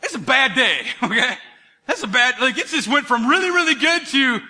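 A male pastor delivers a lively sermon, retelling the story with acted-out voices. His voice sits high and rings bright and forceful. He swings from near-shouts down to low, hushed asides. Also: normal speed.

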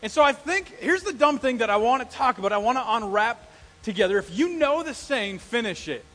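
High-voiced, animated male preacher. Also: fairly quick, rough recording. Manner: animated storytelling with acted-out quotes. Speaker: pastor. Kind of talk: sermon.

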